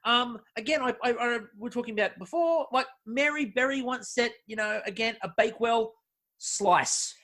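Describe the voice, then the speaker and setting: A man's voice: extremely high pitch, normal speed, pushed and bright. A man hosting a podcast in a casual chat, with a wry, theatrical, swearing delivery. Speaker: podcast host.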